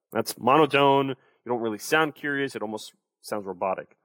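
A man's voice: mid-range voice, moderate pace, a bit bright, no room sound. A young adult man, a sales coach, explaining and demonstrating tones of voice in a casual interview.

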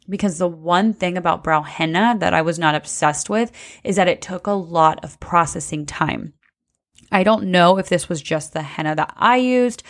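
Chatty woman with a low voice. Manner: chatty and informal, many fillers. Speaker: podcast host, brow technician. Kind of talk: casual solo podcast talk.

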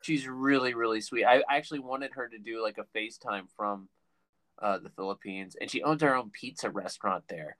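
A man's voice: fairly low pitch, fairly quick, a bit bright, poor audio. A man hosting a podcast, chatting casually and telling rambling stories that stop and restart. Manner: rambling, self-interrupting storyteller. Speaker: podcast host. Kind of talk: casual interview chat.

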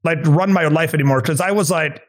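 A man's voice: fairly high pitch, fairly quick. A man talking casually and earnestly, rambling with many fillers and restarts. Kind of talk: casual chat.

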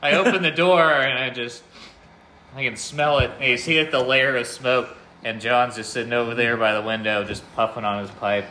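A man's voice: mid-range voice, fairly even intonation, moderate pace, pushed and bright, a little hiss or hum. A man co-hosting a podcast in a garage, telling a casual anecdote with laughs and swearing. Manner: laughing, loose anecdote with profanity. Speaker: podcast co-host. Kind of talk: casual storytelling. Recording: echoey garage, faint ambience.

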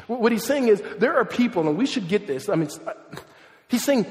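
A man pastor giving a sermon in a conversational, animated way, with casual asides. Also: high voice, fairly quick. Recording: echoey hall, long reverb.

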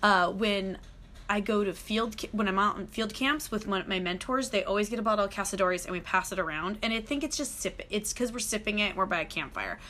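Woman host, casual podcast chat; bright, mid-pitched, playful asides. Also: a little hiss or hum. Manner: chatty, giggly, quick asides.

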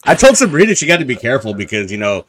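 A man's voice: medium pitch, very animated, very fast, a bit bright, no room sound. A man co-hosting a podcast in casual banter, joking and rambling, laughing often. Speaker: podcast co-host.

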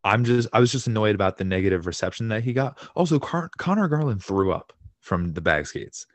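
With a fractured shin keeping him home, a young man co-hosts a sports podcast in a lowish voice recorded with no room sound. He chats casually but gets worked up, laughing and swearing through his stories.

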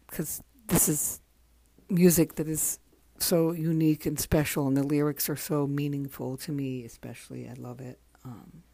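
A woman in her forties hosting a podcast, talking casually in a soft, halting way, worn out from crying. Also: deep voice, vocal fry, no echo. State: exhausted from crying. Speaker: podcast host. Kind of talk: casual spoken tribute monologue.

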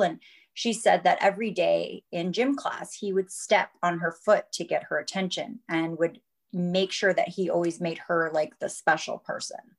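A woman's voice: lowish voice, normal speed, creaky. A woman in her thirties, a mother and guest on a podcast, telling a story earnestly and acting out what others said. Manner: earnest, animated, acts out quoted voices. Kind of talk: interview storytelling.

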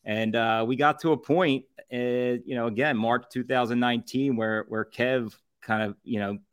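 Speaking at normal speed in a clean, mid-range voice with fairly even intonation, a co-founder of a food review group guests on a podcast. His casual storytelling rambles, with frequent laughter, filler words and restarts.

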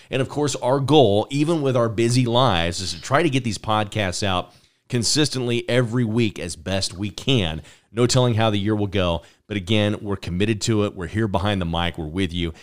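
A man hosting a casual podcast, enthusiastic and repeating words as he starts his thoughts. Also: on the low side. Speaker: podcast host.

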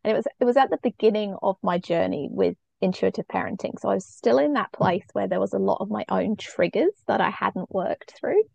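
A woman's voice: mid-range voice, fairly quick, gravelly, hardly any pauses, darkish tone, dry recording. A middle-aged woman, a parenting coach, speaking earnestly and openly as a podcast guest. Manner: earnest, reflective, emotionally open. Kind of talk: conversational interview storytelling.

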